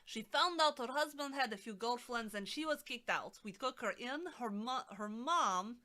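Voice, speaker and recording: Une femme qui lit un récit à voix haute avec un faux accent russe approximatif, d'un ton appuyé et théâtral. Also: female voice, on the high side, lively intonation, moderate pace, bright, forceful tone. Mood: mock storytelling. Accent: mock Russian, self-admittedly inaccurate. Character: woman telling her story in a mock Russian accent.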